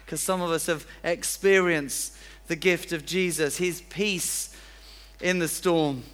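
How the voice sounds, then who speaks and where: A man's voice: a little high, steady tone, slow pace, fairly bright tone. A man preaching a sermon in a church, chatty and self-deprecating, acting out little everyday scenes.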